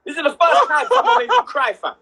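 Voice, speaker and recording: A man telling a story in a casual livestream chat, slangy and animated, often checking in with "yeah?". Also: extremely high pitch, quick pace.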